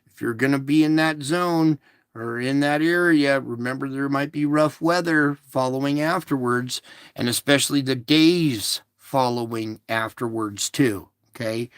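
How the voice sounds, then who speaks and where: A man hosting a casual spiritual show, talking in a slow, soothing, repetitive way to reassure his listeners. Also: mid-range voice, clear, resonant tone, dry recording, clean studio sound. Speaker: show host. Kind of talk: casual spiritual livestream talk.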